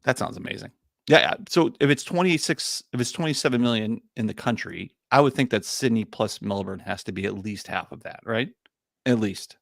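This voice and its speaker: A man's voice: fairly low pitch, animated, fairly quick, creaky, no room sound, studio quality. A man co-hosting a casual podcast, chatty and enthusiastic, swearing and laughing freely. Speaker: podcast co-host.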